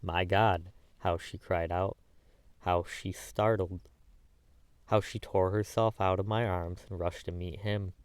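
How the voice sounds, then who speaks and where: Deep-voiced man reading an audiobook. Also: steady tone, takes it slowly, smooth, no echo. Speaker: audiobook narrator. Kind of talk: audiobook reading of a classic novel.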